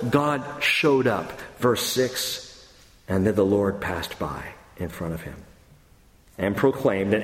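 Preaching man in an echoey hall. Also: medium pitch. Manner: earnest preaching, reads scripture slowly, rising to emphatic bursts. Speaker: pastor. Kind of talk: sermon. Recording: roomy hall with long reverb.

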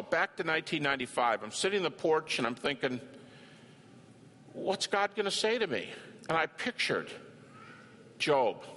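An older man preaches an emphatic, dramatic sermon, telling a personal story and acting out the dialogue. His mid-range voice is bright and forceful, heard in a reverberant hall with faint ambience and slight background noise.

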